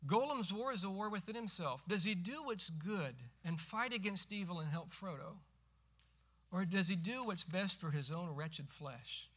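High, bright-voiced man preaching. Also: expressive, normal speed. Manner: emphatic preaching, rising to forceful cries when quoting scripture. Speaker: pastor. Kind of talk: sermon.

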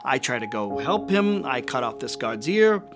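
An actor playing a remorseful, impulsive fisherman disciple in a dramatic monologue, halting and confessional, swelling into shouts. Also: medium pitch, very animated. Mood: rueful. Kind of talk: dramatic monologue over music. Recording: music playing underneath.

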